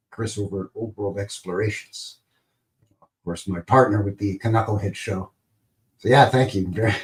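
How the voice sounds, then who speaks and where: A Canadian man hosts a casual livestream in a lowish, somewhat mellow voice. He rambles enthusiastically and chuckles often as he chats.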